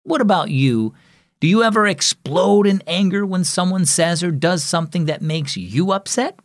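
A man hosting and narrating a children's devotional story, upbeat and expressive, speaking to kids. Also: sits high, normal speed, no echo, studio quality. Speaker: host and narrator.

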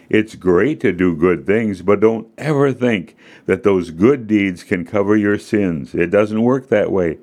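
A man's voice: lowish voice, a little mellow. A man narrating a children's devotional story, earnest and direct with his young listeners. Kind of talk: scripted narration.

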